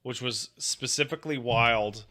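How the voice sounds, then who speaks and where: A man's voice: medium pitch, measured pace, sharp tone. A man in his thirties co-hosting a casual chat, ranting sardonically with swearing. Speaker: co-host.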